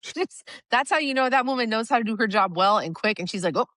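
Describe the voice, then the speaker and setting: A woman co-hosting a casual film review podcast, amused and quick to chime in. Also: on the high side, animated, fairly bright tone, no echo. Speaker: podcast co-host.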